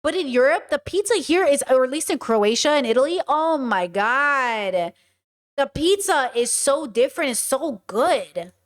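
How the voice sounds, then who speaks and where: Woman, high voice, casual commentary, animated, profane, joking. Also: a little slow. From United States. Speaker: commentator reacting to a video. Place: living in Croatia.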